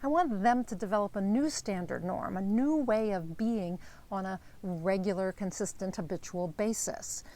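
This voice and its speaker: A woman coach speaks earnestly to her viewers in a motivational video. She encourages them with many "um"s and restarts, and her pitch sits in a middle register. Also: moderate pace, mellow. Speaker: life coach.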